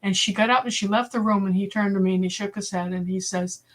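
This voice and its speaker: A woman in her sixties with a Boston accent hosts a casual livestream. She tells stories in a blunt, lively way and puts on the voices of the people she quotes. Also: mid-range voice, quick pace. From Boston area. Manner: blunt, animated storyteller, acts out quoted voices. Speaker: livestream host. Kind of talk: casual storytelling to a live chat.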